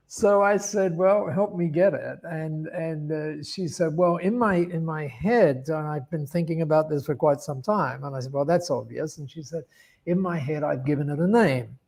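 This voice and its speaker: A man's voice: a little high, darkish tone, slight background noise. An Australian man, a guest in an interview, telling a long story and acting out both sides of a conversation, with many restarts. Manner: rambling, with frequent restarts and acted-out dialogue. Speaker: guest speaker.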